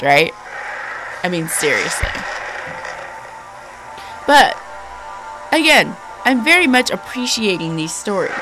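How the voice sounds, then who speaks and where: Chatty woman podcast host, hushed spooky tone. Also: vocal fry, low-quality recording. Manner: lowered spooky storytelling voice; chatty, filler-heavy, emphatic. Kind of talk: casual storytelling.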